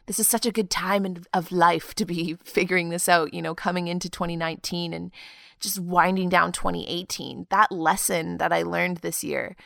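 A woman's voice: on the low side, fairly even intonation, normal speed, creaky, no room sound, clean studio sound. A woman in her twenties hosting her own podcast, talking in an earnest, confiding way. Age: 20s. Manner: earnest and confiding, laughing softly now and then. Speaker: podcast host. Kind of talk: reflective solo podcast talk.

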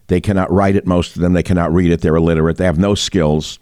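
A man's voice: low voice, fairly even intonation, quick pace, darkish tone, dry recording, studio quality. A man hosting a talk show, delivering combative, indignant news commentary and firing rhetorical questions at the listener. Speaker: talk radio host.

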